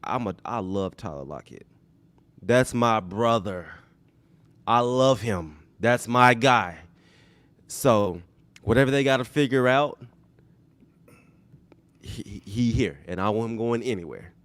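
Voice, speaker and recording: A man imitating an older male head football coach, speaking in an earnest, measured, reassuring way during a podcast bit. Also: fairly low pitch, expressive, fairly bright tone, no echo. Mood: sincere.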